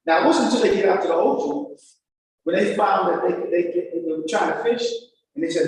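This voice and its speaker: A man's voice: high voice, brisk, far from the mic, a little hiss or hum. A male pastor teaching in an emphatic, repetitive, folksy preaching manner. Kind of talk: sermon-style teaching talk. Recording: very echoey church hall, heard from afar.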